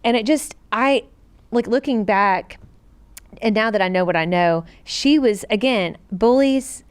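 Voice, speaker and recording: A middle-aged woman co-hosting a podcast, telling a personal story in an earnest, animated, chatty way. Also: medium pitch, unhurried, smooth. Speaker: podcast co-host. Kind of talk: personal storytelling in a casual chat.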